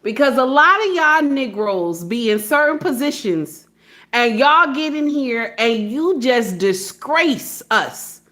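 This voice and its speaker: A woman speaking in a casual monologue, blunt and animated, acting out phone calls and driving points home with repeated "okay?". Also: sits high, takes it slowly. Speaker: social media commentator.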